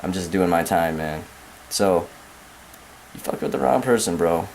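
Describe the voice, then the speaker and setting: A man's voice: sits low, animated, unhurried, gravelly, a little mellow, a little hiss or hum. Angry, cursing young American man. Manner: profane, repetitive, calling the listener man and dude. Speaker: vlogger. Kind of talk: angry rant to camera.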